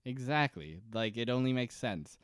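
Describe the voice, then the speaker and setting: A man's voice: medium pitch, normal speed, clean tone, no echo, studio quality. A man co-hosting a casual podcast, talking through a TV episode and slipping into silly voices as he retells scenes. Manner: animated, slips into exaggerated character voices while retelling. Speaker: podcast co-host. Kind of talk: casual chat recapping a TV episode.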